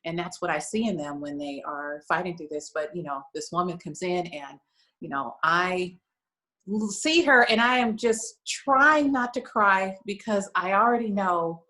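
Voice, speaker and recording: A woman's voice: on the low side, a little slow, pushed and bright, low-quality recording. Earnest woman telling a heartfelt story. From United States. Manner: earnest, emotional, frequent "you know". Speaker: guest, lingerie shop owner. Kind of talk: conversational storytelling.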